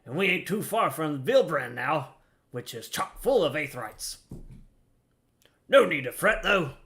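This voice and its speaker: A man voicing a chatty male ship peddler in a gruff, grizzled voice, reading game dialogue aloud. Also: fairly high pitch, sing-song, measured pace, sharp tone, full character voice. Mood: folksy. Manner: folksy and rambling, calls listener lad.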